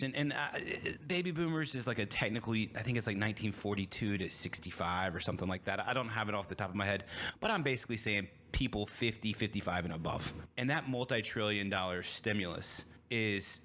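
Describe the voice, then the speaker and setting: A man's voice: on the low side, bright, forceful tone, slight background noise. A man in his thirties, a podcast host giving a blunt, emphatic opinion monologue.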